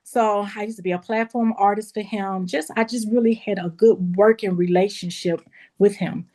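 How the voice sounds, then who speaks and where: A woman who owns a beauty school tells a personal story in a lively, casual way, talking straight to her listeners and acting out what people said. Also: medium pitch, normal speed. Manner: lively, acts out quoted dialogue in a raised voice; casual, addresses listeners as y'all.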